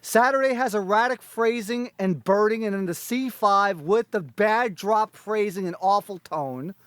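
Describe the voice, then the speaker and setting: Fast, foul-mouthed high-voiced man. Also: fairly bright tone, no room sound. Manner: rapid, blunt, swears constantly. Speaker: panelist ranking concert recordings. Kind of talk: profane critical rant.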